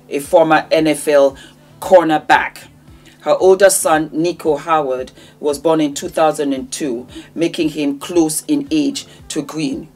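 A woman of Gambian and Nigerian heritage hosting a celebrity gossip channel, chatting bubbly to camera, laughing often, and reading news items aloud. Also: deep voice. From half Gambian, half Nigerian. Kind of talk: casual chat to camera.

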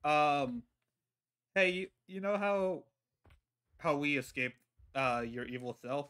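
A man roleplaying lore in casual chat, halting with many fillers and restarts. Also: on the high side, fairly bright tone, smooth. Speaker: lore roleplayer playing a god figure.

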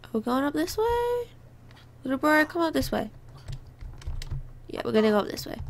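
A woman's voice: high voice, very animated, normal speed, a little hiss or hum. A young woman giving chatty let's play commentary, bubbly and easily distracted, often apologizing, and a little under the weather. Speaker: gamer.

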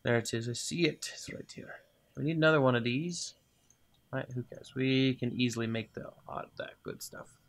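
A gaming video host with a mid-range male voice speaks at normal speed. In casual let's-play commentary, he mutters to himself, addresses the in-game items, and cheers whenever something works.

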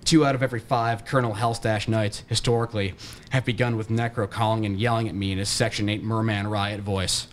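A man, an author, reading his novel aloud at a bookshop in a steady, deadpan way. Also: on the low side, fairly quick, a little hiss or hum.

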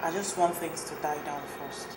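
A woman playing a troubled young woman who talks softly and haltingly. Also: deep voice, noisy background, natural voice. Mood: subdued. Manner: soft, hesitant, halting. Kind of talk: film drama acting. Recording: echoey room with music under.

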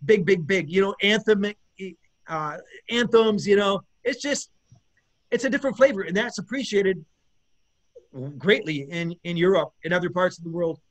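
Male musician guest, high-pitched, rambling and gushing, filler-heavy. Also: animated, moderate pace. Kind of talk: casual interview chat.

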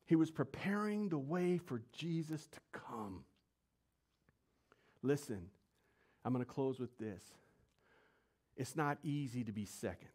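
A man preaching a sermon, telling the story in slangy, animated speech and asking his audience questions. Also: medium pitch, unhurried, pauses often.

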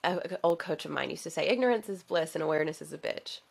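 A woman hosting a coaching podcast who talks in a reflective, animated way and laughs often. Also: sits low, fast talker, vocal fry. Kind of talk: casual interview chat.

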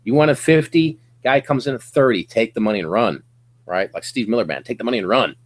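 A middle-aged man hosting a casual livestream from his home office, coaching resellers in an energetic, slangy pep-talk manner. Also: mid-range voice, fairly quick.

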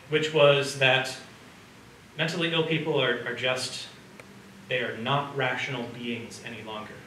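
A man gives a slide lecture in a relaxed, conversational way and often asks the audience questions. His voice is bright. He is heard from across an echoey room with a faint hiss underneath. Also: fairly high pitch. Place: community hall or lecture room. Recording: roomy sound from a distance, faint background noise.

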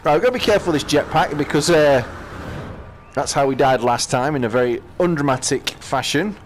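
A British man casually commenting as he plays a VR game, chatting to himself with quick exclamations. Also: a little high, slight background noise. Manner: chatty, talks to himself while playing, exclamations. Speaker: gaming channel host.

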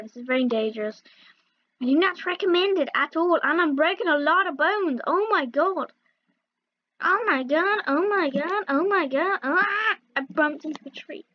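Playing a video game on her channel, a woman offers relaxed let's-play commentary, letting out playful yelps and groans at each fall. Her voice is high, and the sound is lo-fi.

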